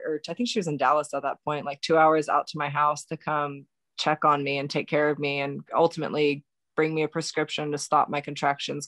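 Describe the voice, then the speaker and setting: A woman telling a painful personal story as a podcast guest, halting and full of fillers and restarts, still in shock. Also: low voice, dry recording. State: recounting shock and grief. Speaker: birth worker.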